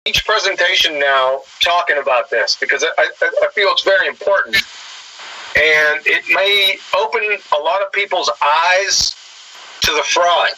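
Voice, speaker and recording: A man's voice: a little high, a little slow, sharp tone, slight background noise, rough recording. A man giving a sarcastic, lecturing commentary that mocks his targets.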